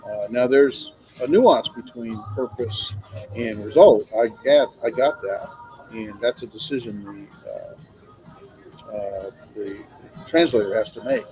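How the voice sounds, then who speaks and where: Male teacher, classroom lecture, halting and filler-heavy, music bed behind. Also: lowish voice, warm tone, low-quality recording. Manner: hesitant, many fillers and self-corrections. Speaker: Greek instructor.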